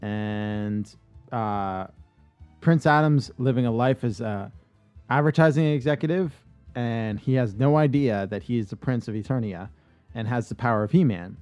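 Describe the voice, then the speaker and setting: A man's voice: medium pitch, normal speed, a little mellow, clear, resonant tone, no room sound, highs cut off, soft background music. Rambling casual man on a dry mic. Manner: rambling, many fillers and restarts. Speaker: podcast co-host pitching a movie idea. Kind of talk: casual podcast chat.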